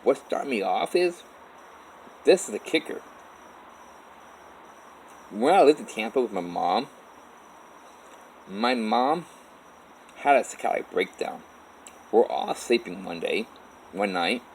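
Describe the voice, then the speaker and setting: A man telling his own life story in a halting, rambling way, with many restarts. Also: lowish voice, lively intonation, darkish tone, slight background noise, rough recording. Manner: halting, with restarts and repeated "all of a sudden". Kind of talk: rambling first-person storytelling.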